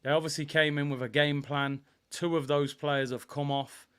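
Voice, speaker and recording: A young man hosts a live football watchalong, reading viewers' comments and reacting to the game. His voice sits a little high for a man, and he swings from easygoing chat to loud, excited outbursts. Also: normal speed, smooth. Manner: animated, banter with chat, bursts of excitement.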